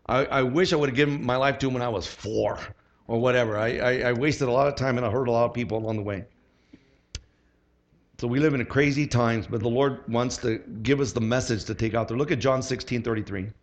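A man's voice: mid-range voice, fairly quick, dull audio. A middle-aged man giving a sermon as a pastor, earnest and conversational, with lots of fillers and restarts.

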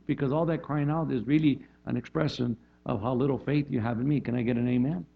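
A man's voice: mid-range voice, fast talker, creaky, hardly any pauses, lo-fi sound. A man preaching a sermon as a pastor, in a conversational way, often checking in with "right?" and restarting his phrases.

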